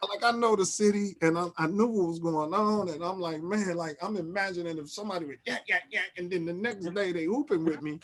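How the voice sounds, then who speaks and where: A man, hosting and telling a story in casual chat, animated and repeating and restarting his phrases. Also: high voice, fairly quick, hardly any pauses. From Chicago. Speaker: host.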